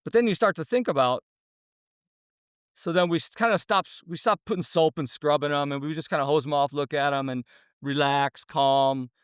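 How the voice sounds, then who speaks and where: A man's voice: a little high, moderate pace, clean tone, dry recording, clean studio sound. A middle-aged man, a former zookeeper, speaking in an earnest, rambling way, with many restarts and fillers, as a guest in an interview. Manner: gets emotional when talking. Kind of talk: casual interview talk.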